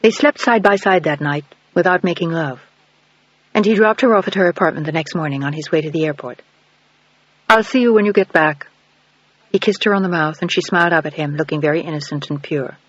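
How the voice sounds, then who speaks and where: A man reading a novel aloud as an audiobook narrator, with steady, even storytelling. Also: a little high, fast talker, no echo. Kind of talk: scripted narration. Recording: dull, dry studio recording.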